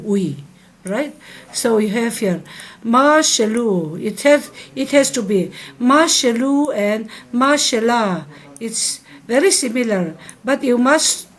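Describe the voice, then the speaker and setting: Slow, patient woman teaching verb forms. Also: a little high. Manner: slow, repeats each verb form for students to echo. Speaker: Hebrew teacher. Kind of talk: recorded grammar lesson.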